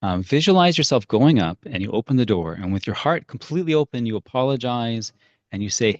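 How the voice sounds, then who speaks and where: A man's voice: mid-range voice, sing-song, a little fast, no echo, dull audio. A man teaching parents a strategy in an earnest, storytelling way. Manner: earnest, storytelling with acted-out quotes. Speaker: parenting coach.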